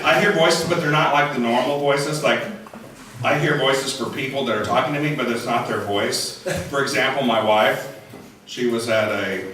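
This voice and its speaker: A hoarse man with a cold doing chatty, self-mocking stand-up comedy on a conference stage. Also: medium pitch, bright, forceful tone, a little hiss or hum. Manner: chatty, self-mocking, slips into funny voices. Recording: echoey hall from far off.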